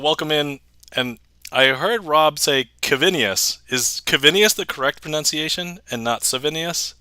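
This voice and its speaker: Bright-voiced chatty male streamer. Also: mid-range voice, no room sound. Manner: chatty, laughs often, responds to chat. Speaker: magic livestreamer. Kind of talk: casual livestream chat with viewers.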